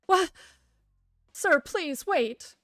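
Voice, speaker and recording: A woman's voice: fairly high pitch, animated, normal speed, no echo, clean studio sound, soft background music. A woman voicing an earnest young male detective who stammers and apologizes nervously, in a game read aloud. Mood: flustered.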